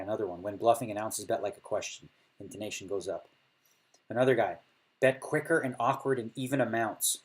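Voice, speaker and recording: A middle-aged man with a mid-range, slightly rough voice chats casually while streaming poker. He laughs often and acts out the table talk of other players.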